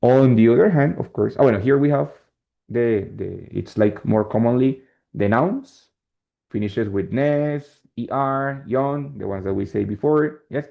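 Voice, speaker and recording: A man's voice: mid-range voice, measured pace, gravelly. A man with a Spanish accent teaching an English lesson in a classroom, explaining step by step and often checking with "right?". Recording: dull lo-fi classroom recording.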